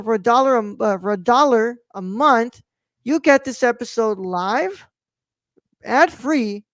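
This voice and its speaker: A woman's voice: a little high, no echo, studio quality. A woman co-hosting a podcast, chatting casually about a film in a loose way, with lots of fillers and the odd swear word. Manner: loose, profane, full of fillers. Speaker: podcast co-host. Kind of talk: casual movie review chat.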